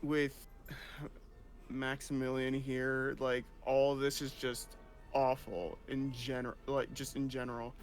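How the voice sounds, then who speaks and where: A man in a tabletop game, speaking very slowly and searching for words. Faint music sits underneath. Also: medium pitch, level tone. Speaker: player. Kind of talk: casual tabletop play.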